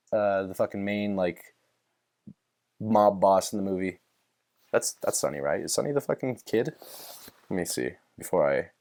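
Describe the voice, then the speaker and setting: Profane rambling podcast host, low-voiced man. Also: darkish tone. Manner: rambling, profane, swears freely; retells movie scenes with quoted voices. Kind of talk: casual chat.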